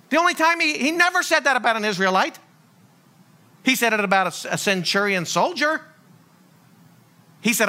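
A male pastor delivering a sermon in a high-pitched voice. He tells stories with a lot of energy and slips into the voices of the people in them. His tone is bright and forward. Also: moderate pace. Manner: lively storytelling, acting out voices of figures.

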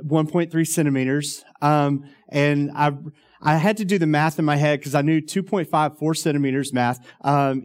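A man's voice: fairly high pitch, darkish tone. A man, telling a long personal story in a rambling way, full of ums and uhs. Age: 40s. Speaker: former youth minister.

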